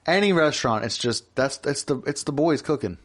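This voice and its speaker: A man's voice: a little high, expressive, brisk. A man co-hosting a podcast in casual chat, joking and rambling with lots of restarts. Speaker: podcast co-host.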